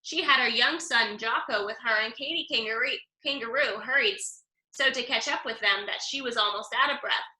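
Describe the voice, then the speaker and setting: A woman reading a picture book aloud with lively, expressive storytelling. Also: fairly high pitch, normal speed, roomy sound, low-quality recording. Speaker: storybook reader.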